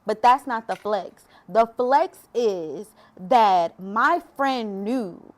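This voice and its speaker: A woman's voice: medium pitch, lively intonation, extremely slow. A woman sharing a personal faith testimony, emotional and preachy, often talking straight to her viewers. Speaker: faith vlogger.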